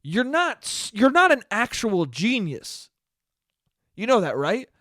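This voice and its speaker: A man hosting a solo podcast, ranting in a profane, exasperated way with sudden loud spikes. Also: high voice, wildly swooping pitch, slow pace, no room sound, clean studio sound. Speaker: podcast host.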